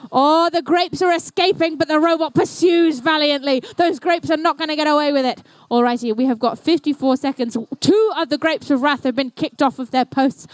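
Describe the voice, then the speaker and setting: A young woman with a high voice emcees an indoor robotics competition, calling the matches live and tossing in playful jokes. The recording is dry, with no room sound.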